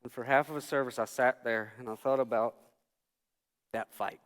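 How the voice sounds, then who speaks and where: A male pastor preaching a sermon, telling a personal story and swinging from hushed, quiet lines to shouted ones. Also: medium pitch, steady tone, normal speed. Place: church sanctuary. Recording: long church hall reverb.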